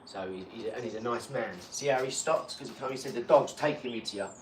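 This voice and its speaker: A man talking in a casual live chat, rambling and boastful, breaking into animated rants. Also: medium pitch, quick pace. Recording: echoey room, far from mic, faint hum.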